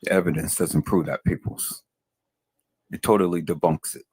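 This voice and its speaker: Livestream host, male, very low and husky, venting fury at his audience, dry close mic. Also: fairly even intonation, normal speed, a little mellow, no echo. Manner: furious, repeats himself, addresses viewers as peoples. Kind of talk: angry livestream commentary.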